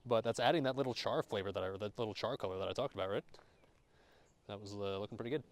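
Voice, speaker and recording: A man's voice: on the low side, fast. A young American man casually chatting and cooking at an outdoor campground, joking, swearing loosely and thanking his chat. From United States. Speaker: streamer.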